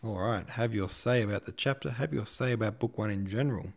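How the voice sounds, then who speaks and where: A man narrating an audiobook in a steady, measured reading style. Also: lowish voice, creaky. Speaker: audiobook narrator and podcast host.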